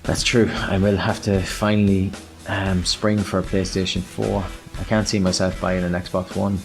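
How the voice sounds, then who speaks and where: Irish guy on a podcast, lowish voice, rambles and restarts a lot, soft music behind. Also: level tone, creaky. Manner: rambling, halting, many restarts. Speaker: podcast co-host. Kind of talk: casual podcast chat.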